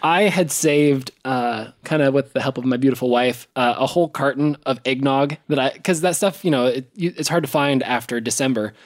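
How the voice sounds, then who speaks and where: A man's voice: mid-range voice, normal speed, hardly any pauses, no room sound, clean studio sound. Joking young male podcast host. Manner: joking, rambling with frequent "uh" fillers. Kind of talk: casual podcast chat.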